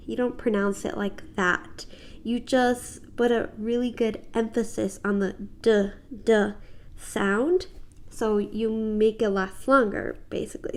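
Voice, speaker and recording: Young woman teacher, casual lesson, slow careful delivery, fairly high voice. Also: darkish tone. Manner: slow, careful, repeats words for practice. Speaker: French teacher.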